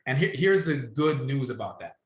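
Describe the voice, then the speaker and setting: A man coaching salon owners in a casual podcast chat. He is emphatic and drives his points home by repeating them. His voice sits at a middle pitch, in a room with audible echo. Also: big pitch swings, normal speed.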